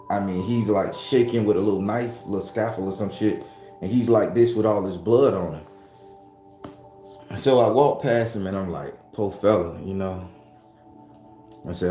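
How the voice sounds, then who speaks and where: A man's voice: on the low side, warm tone. A man hosting a morning prayer stream, talking loosely and profanely in a rambling, casual way straight to his viewers. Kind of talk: casual chat. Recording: echoey room with faint music.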